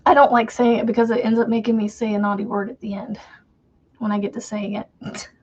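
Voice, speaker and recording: A woman's voice: fairly high pitch, level tone, a little fast, a little mellow, dull audio. A woman with a faint Southern American accent, hosting a crochet livestream and chatting casually with viewers, rambling and laughing often.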